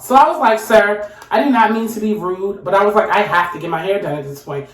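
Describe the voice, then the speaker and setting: A young woman in casual storytime chat, animated and talking straight to her viewers. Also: medium pitch, a little fast, a little hiss or hum. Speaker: vlogger. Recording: echoey room.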